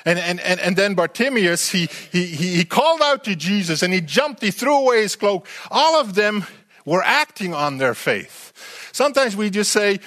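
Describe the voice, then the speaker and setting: Male preacher, sermon, slightly high voice, very lively pitch, rhetorical questions, stumbling restarts. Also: normal speed. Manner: animated, asks the congregation rhetorical questions; frequent repeated words and restarts.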